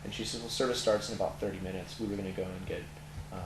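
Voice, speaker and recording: A middle-aged man from California who owns a tattoo parlor speaks openly about his life in an interview, using lots of fillers as he gives personal testimony. His voice is low and steady, and he talks very fast. The room is echoey with faint background noise.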